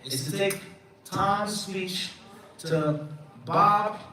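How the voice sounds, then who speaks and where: Male scholar fielding questions, firm and emphatic, higher voice, recorded at a distance. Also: drawn-out words, pushed and bright, a little hiss or hum. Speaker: Islamic scholar answering questions. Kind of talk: lecture Q&A. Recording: echoey room, mic at a distance.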